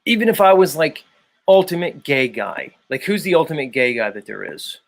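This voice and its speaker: Slightly high and sing-song, with a creaky edge, this man's voice moves at a moderate pace as he hosts a casual livestream. He reads off chatters' names and argues with his points.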